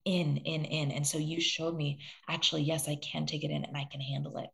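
A woman with a low, gravelly voice speaks as a podcast guest. She tells an emotional personal story in an earnest, rambling way, restarting her sentences often. Now and then she swears when something moves her. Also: level tone, fairly quick. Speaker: guest, self-love coach.

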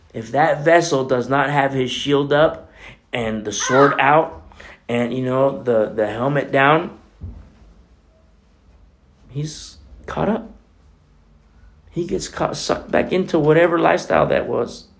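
A man's voice: on the high side, a little hiss or hum. A male pastor delivers a sermon in an emphatic preaching manner. He drives points home with rhetorical questions and repeats phrases for weight.

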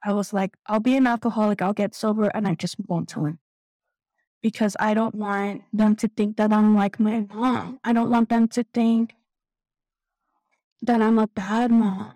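A woman in her thirties, a guest candidly telling a painful personal story in a halting, emotional way, close to tears. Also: medium pitch, fairly even intonation, warm tone, dry recording, low-quality recording. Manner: candid, halting, tearful at times. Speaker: guest sharing recovery story.

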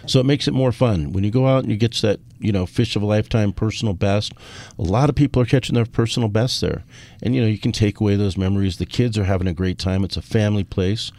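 A man's voice: lowish voice, fast, dark tone, no echo. A man co-hosting a fishing talk show, speaking in an easygoing, casual way. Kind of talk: casual chat.

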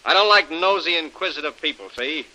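A man's voice: a little high, animated, a little fast, pushed and bright, low-quality recording. An actor playing a menacing male villain in 1940s radio drama, talking in a threatening tough-guy manner.

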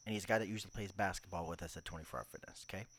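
A man's voice: sits low, racing, fairly bright tone. A man on a casual podcast telling a long story, acting out the quotes and swearing freely. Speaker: podcast co-host.

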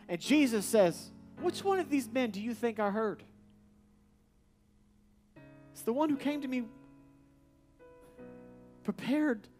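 A man preaching a sermon, repeating short refrains and building to loud, emphatic peaks. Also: very high-pitched. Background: soft guitar music.

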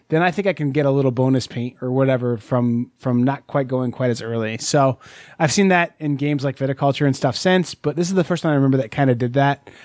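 A man's voice: medium pitch, a little mellow, no echo, studio quality. A man co-hosting a casual board game talk, rambling with lots of fillers and restarts. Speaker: podcast co-host. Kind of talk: casual chat.

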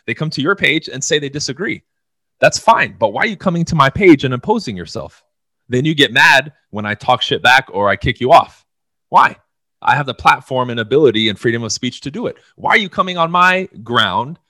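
A man talking in a casual podcast with a bright, forceful tone and a dry, close sound. He is blunt and swears freely, and he keeps acting out little scenes. His pitch sits in the middle. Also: a little fast, no room sound. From United States. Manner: blunt, profane, animated storytelling. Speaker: podcast co-host.

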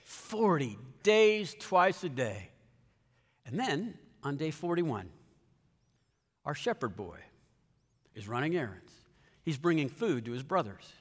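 Animated pastor preaching in a big hall. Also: male voice. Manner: storytelling, acting out characters' lines with shifting pitch and pace. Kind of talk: sermon. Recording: long reverb of a large hall.

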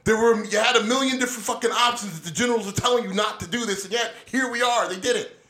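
A man's voice: high-pitched, fast talker, pushed and bright. A man co-hosting a heated political chat, swearing constantly, ranting and tripping over repeated words. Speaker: podcast co-host.

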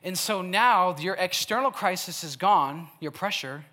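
Young male youth speaker from Wisconsin, bright and a bit high, casual storytelling sermon full of "like". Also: animated, unhurried. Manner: casual and chatty, laughs often, heavy use of "like". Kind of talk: storytelling sermon to a live audience.

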